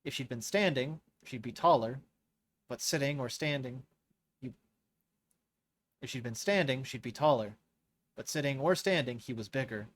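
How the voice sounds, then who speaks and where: A man hosting a live reading of a novel, narrating in a measured way and rereading lines he stumbles on. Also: mid-range voice. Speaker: host reading a novel aloud. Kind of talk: scripted narration read aloud live.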